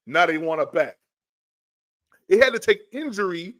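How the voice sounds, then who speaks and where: Animated, high-voiced fired-up man. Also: moderate pace, pauses often. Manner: animated, exasperated, stammering repeats. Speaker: podcast host. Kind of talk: fired-up sports podcast rant.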